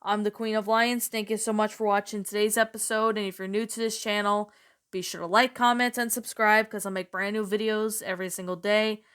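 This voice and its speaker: A woman with a bright, crisp voice talks through her opinion of a story in a casual, rambling way. She hesitates often and keeps softening her own points. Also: medium pitch, level tone, brisk. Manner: meandering, hesitant, self-qualifying. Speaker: channel host reviewing a story. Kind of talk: casual spoken review.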